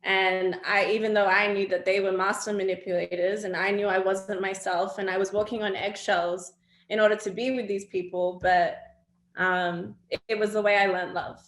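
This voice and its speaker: A young woman talks candidly as an interview guest, earnest and reflective, now and then laughing between thoughts. Her voice sits at a middling pitch. The room around her rings with noticeable echo. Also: flat delivery, normal speed, fairly bright tone. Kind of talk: candid personal talk.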